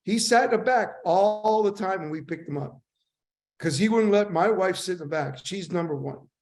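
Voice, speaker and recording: An older man whose voice sits slightly high for a man tells rambling, animated stories at a moderate pace, slipping into lively impressions of the people involved. He's a sales trainer appearing as a guest, reminiscing casually.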